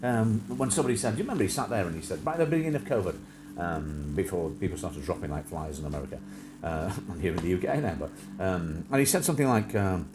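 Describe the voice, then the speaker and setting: A man's voice: sits low, lively intonation, fast, noisy background. A man hosting a live stream, rambling in a jokey, casual way with frequent laughs and restarts. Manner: chatty, jokey, laughs often, many restarts.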